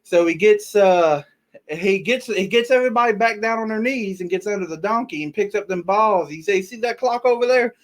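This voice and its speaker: A man's voice: sits high, moderate pace. A man co-hosting a casual podcast, rambling through long jokes, swearing freely and laughing at himself, sleepy. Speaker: podcast co-host. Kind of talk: casual podcast banter, joke telling.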